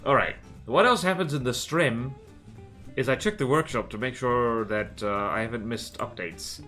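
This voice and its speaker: A man chats casually through a live game stream, his voice sitting at an ordinary middle pitch. He rambles from one thought to the next and pokes fun at himself as he goes. Faint guitar music plays softly in the background. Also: moderate pace. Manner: rambling, self-mocking and jokey. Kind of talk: casual live-stream chat while playing.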